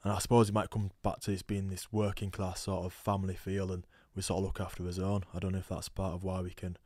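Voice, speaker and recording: A young man, a rugby player guest telling animated stories in a casual podcast chat. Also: sits low, fast, no room sound, studio quality. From England. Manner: storytelling, animated quoting, laughs often. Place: podcast studio.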